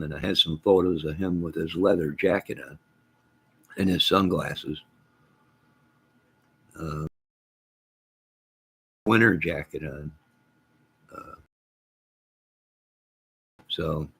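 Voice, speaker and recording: A middle-aged man with a very low, gravelly voice hosts a casual livestream and answers viewers. His tone is husky and rough at the edges. He rambles and jokes with a deadpan delivery, then breaks into sudden loud bursts. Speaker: livestream host reading viewer comments.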